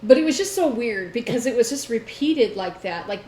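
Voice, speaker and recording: A woman co-hosting a casual chat show, telling stories in an animated way and laughing often. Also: fairly high pitch, normal speed. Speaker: podcast co-host. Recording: roomy echo, faint noise.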